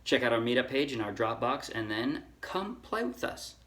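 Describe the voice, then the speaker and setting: A man teaching a ukulele song in a relaxed, casual way, counting strings aloud and correcting himself as he goes. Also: mid-range voice, moderate pace. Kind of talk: casual tutorial talk. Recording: ukulele playing under the voice.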